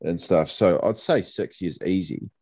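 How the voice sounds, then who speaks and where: A man, co-hosting a podcast and recalling things in a relaxed, rambling way. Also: deep voice, a little slow. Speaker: podcast co-host. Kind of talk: casual chat.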